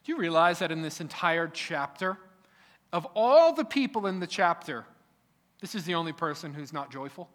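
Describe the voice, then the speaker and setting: A man preaching a sermon, emphatic and repetitive, who often drops to a quiet, low-key delivery. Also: lively intonation, moderate pace. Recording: echoey hall.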